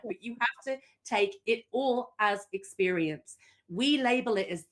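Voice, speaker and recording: A middle-aged woman coach in a podcast interview, telling stories with animated voices for her own quotes. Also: a little high, a little slow.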